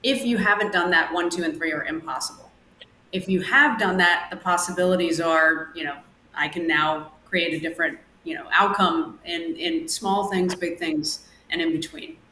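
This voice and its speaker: A woman performance coach, a guest on an interview podcast, explaining her method in a measured, deliberate way. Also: fairly low pitch, pushed and bright, echoey room, a little hiss or hum, rough recording. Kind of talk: interview answers, coaching advice.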